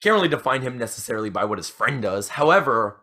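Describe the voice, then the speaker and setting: Rambling, bright-voiced podcast guy. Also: medium pitch, animated, quick pace. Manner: rambling storyteller, heavy fillers like "like" and "you know". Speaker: podcast co-host. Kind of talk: casual chat.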